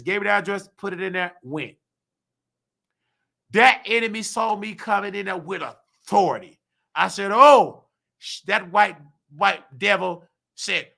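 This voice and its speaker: Heated hoarse man with a high gravelly voice. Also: animated, measured pace, bright, forceful tone. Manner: preachy, heated, acts out quoted voices, calls listener baby. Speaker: show host. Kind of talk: animated personal rant.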